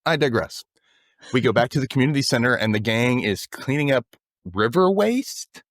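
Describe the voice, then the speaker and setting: Lively man recapping a show. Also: medium pitch, moderate pace, no echo, studio quality. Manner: animated retelling, quoting characters in put-on voices. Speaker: podcast host. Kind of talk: casual recap chat.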